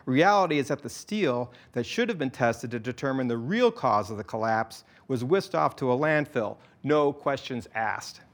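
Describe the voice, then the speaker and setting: Brief: male narrator as preachy taunting activist, slogan-shouting ranter. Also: medium pitch, expressive, moderate pace, hardly any pauses, close to an everyday voice. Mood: lecturing. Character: ranting male conspiracy activist with bullhorn.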